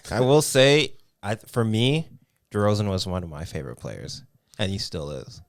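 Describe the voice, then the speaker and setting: A man co-hosting a podcast in casual chat, easygoing and quick to laugh. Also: lowish voice, sing-song, no echo, studio quality. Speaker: podcast co-host.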